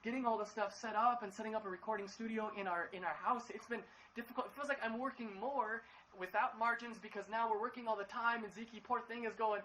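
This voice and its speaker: A man's voice: sits high, steady tone, fast, bright, forceful tone, rough recording. Guy pastor preaching from his living room, chatty, lots of ums, playful little voices, faint hum behind. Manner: chatty and upbeat, many fillers and restarts; acts out quoted lines in playful voices. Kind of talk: casual livestream sermon.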